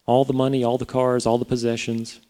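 A man's voice: medium pitch, level tone, brisk, warm tone. A man preaching a sermon in a conversational way, often putting rhetorical questions to his listeners. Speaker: pastor.

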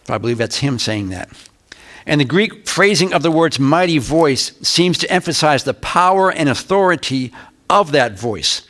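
An older man preaching a verse-by-verse Bible lesson, reading scripture aloud slowly and turning to the congregation with conversational asides. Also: on the high side, lively intonation, a bit bright. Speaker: pastor. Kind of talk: Bible teaching sermon.

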